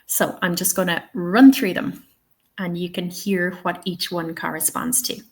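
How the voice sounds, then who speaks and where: Slow, patient Irish woman teaching. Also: on the low side, steady tone. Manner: patient, checks in often with "okay" and "all right". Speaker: TEFL trainer. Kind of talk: online teaching webinar. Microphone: webinar.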